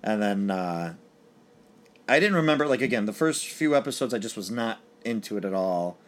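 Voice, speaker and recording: A man's voice: on the low side, animated, normal speed. Rambling man recapping a show. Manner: rambling, with many fillers and restarts. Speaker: podcast co-host. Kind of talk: casual chat recapping a TV show.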